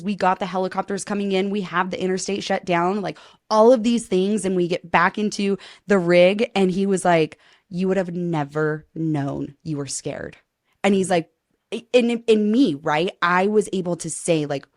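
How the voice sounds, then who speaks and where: A woman podcast host telling a story in casual interview chat, animated, acting out quoted dialogue and swearing now and then. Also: medium pitch, moderate pace.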